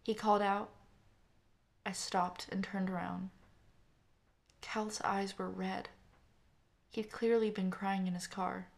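A woman reading a story aloud in a soft, earnest narration. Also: medium pitch, little pitch movement, takes it slowly, gravelly, pauses often. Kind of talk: scripted audiobook narration.

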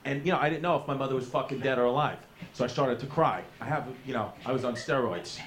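Very noisy audio captures a New York comic at a club with a live audience, talking fast at a medium pitch. His stand-up is crude, cocky and rambling, padded with filler words.

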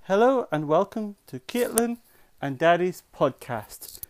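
A man hosting a bedtime-story podcast, reading aloud to his child in a gentle, expressive way. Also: high voice. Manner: gentle, expressive storytelling with slow drawn-out phrases.

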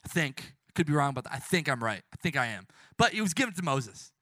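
A man preaching a sermon as a youth pastor and closing in prayer. His delivery is impassioned, swinging from soft hushed lines to loud emphatic ones, with casual self-correcting asides. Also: fairly high pitch, sing-song, fast, no room sound, clean studio sound.

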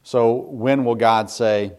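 A man's voice: medium pitch, steady tone, takes it slowly, a little mellow, clear, resonant tone. Earnest man preaching a sermon. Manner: earnest, repeats words while thinking aloud. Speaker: pastor.

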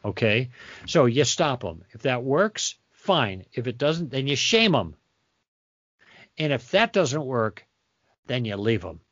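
A man's voice: medium pitch, sing-song, takes it slowly, fairly bright tone, dry recording. A man being interviewed as a guest author, explaining conversation tactics in a teacherly way and acting out sample dialogue. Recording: dull lo-fi dry sound.

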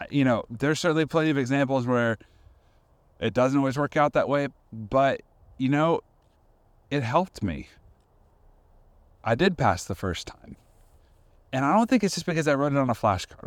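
A man's voice: medium pitch, no room sound. Chatty, self-deprecating man on a dry mic. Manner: conversational, self-deprecating, full of fillers and restarts. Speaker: podcast host. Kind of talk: casual faith podcast monologue.

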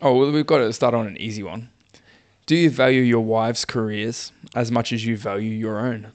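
A relaxed man co-hosting a friends' podcast. He tells everyday stories in an easy, conversational way, his voice sitting at a plain middle pitch. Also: moderate pace. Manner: relaxed, storytelling. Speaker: podcast co-host. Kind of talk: casual podcast chat.

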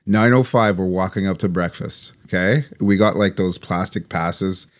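With a deep voice and moderate pace, a young podcast co-host animatedly tells a story during casual chat. He acts out the quotes as he goes.

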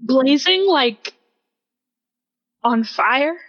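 High, lively woman player. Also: extremely slow. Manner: playful, animated. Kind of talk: tabletop game banter. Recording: dull sound with hall reverb.

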